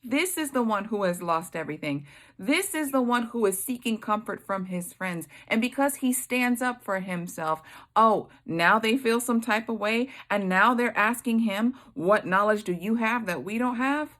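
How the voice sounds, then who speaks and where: A woman teaching a Bible study, reading scripture aloud and commenting with emphatic, expressive reactions. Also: on the high side, normal speed.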